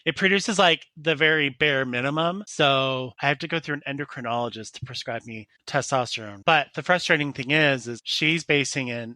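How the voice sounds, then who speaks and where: A man's voice: medium pitch, moderate pace, hardly any pauses, bright, forceful tone, no room sound. A man hosting a casual podcast interview, talking frankly and chattily with plenty of slang. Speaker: podcast host.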